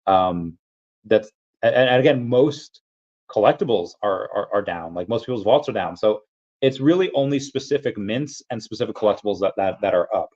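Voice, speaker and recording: A man with a low voice hosts a casual livestream, talking loosely and reading out viewer comments as they come in. He rambles from one point to the next. The audio is dull and lo-fi. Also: expressive, moderate pace, a little mellow. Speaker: livestream host.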